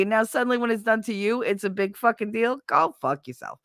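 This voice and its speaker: A woman livestreams on her own channel, chatting casually in a blunt, profane, rambling style. Her mid-range, slightly bright voice moves fairly quickly with few pauses, recorded dry and clean on a desk microphone with studio quality.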